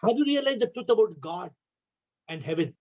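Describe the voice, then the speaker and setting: A man's voice: sits high, sing-song, fairly quick. A man with an Indian English accent gives a spiritual talk on a video call, asking his listeners question after question. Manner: asks the audience repeated questions. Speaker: spiritual teacher. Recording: dull lo-fi call audio.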